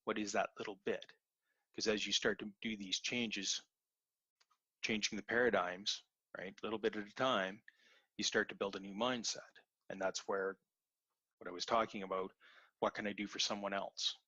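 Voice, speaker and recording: A man's voice: lowish voice, flat delivery, moderate pace, pauses often, bright, forceful tone, husky, dry recording, highs cut off. A man giving an earnest, repetitive motivational talk in an online webinar. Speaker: webinar presenter.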